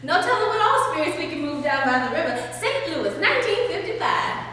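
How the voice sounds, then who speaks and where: A woman performing a theatrical dramatic monologue in an art gallery, telling the story in lively vernacular speech and laughing between lines. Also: very high-pitched, a little fast. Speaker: stage performer. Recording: echoey gallery hall, far-off mic, faint room noise.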